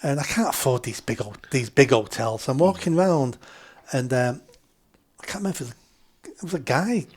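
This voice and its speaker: A man's voice: mid-range voice, brisk, breathy edge. Man, mid voice, chatty guest spinning travel stories with a laugh. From England. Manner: animated anecdotes, laughs at own stories. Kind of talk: casual podcast chat, storytelling.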